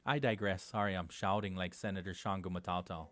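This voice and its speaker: A man with a Guam accent hosting a casual morning radio talk show, animated and indignant, moving between quiet asides and loud outbursts in a studio. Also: low voice, brisk.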